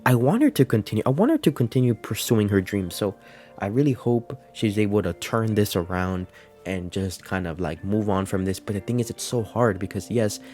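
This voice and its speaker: A man's voice: on the low side, animated, a little fast, warm tone, soft background music. A man giving casual, earnest commentary on an anime episode, emotional and full of fillers. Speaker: anime reviewer.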